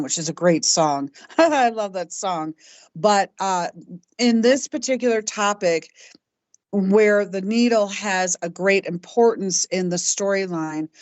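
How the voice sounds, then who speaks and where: A woman hosting her own talk show, speaking in a halting way with frequent restarts, who calls herself stoic. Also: on the low side, dry recording. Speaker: host. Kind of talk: personal talk show monologue.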